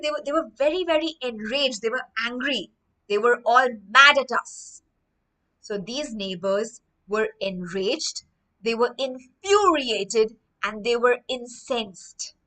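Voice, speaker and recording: A woman teacher reads a story aloud to children and breaks off to explain new words. Her voice sits a little high and bright. She speaks with animated, emphatic stress. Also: low-quality recording.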